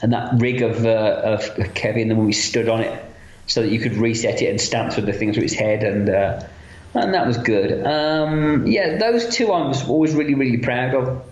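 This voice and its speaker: A man who works as a special effects makeup artist, telling stories from film sets in a casual interview, chatty and animated, acting out what other people said. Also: mid-range voice, moderate pace. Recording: roomy, dull lo-fi sound.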